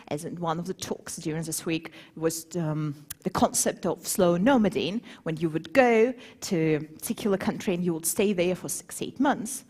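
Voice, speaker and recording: A woman who grew up between Moscow and Warsaw, giving an engaging conference talk and quizzing the audience. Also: on the low side. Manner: lively, engaging, asks the audience questions. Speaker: conference speaker.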